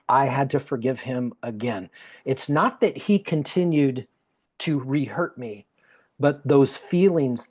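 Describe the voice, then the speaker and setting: A man's voice: on the high side, a little mellow. A man, a guest speaker, telling a personal story in conversation, earnest and emotional, often repeating phrases for emphasis.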